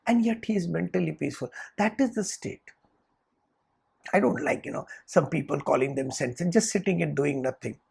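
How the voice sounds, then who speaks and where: Brief: spiritual lecturer, deep fry and heavy rasp throughout, earnest, rhetorical asides. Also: a little mellow. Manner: earnest, checks in with rhetorical "hmm?" tags. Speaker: spiritual teacher. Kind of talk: lecture on scripture.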